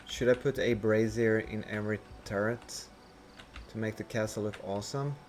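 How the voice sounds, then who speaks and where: A man's voice: on the low side, fairly even intonation, normal speed, darkish tone, a little hiss or hum. A man streaming a building game, rambling and questioning himself as he thinks aloud. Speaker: gameplay streamer. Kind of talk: casual gameplay commentary.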